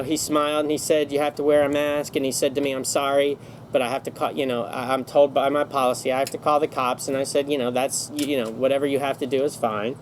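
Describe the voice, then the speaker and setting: A man's voice: medium pitch, slight background noise, poor audio. A man vlogging in a casual storytelling monologue, rambling along with many restarts and self-corrections.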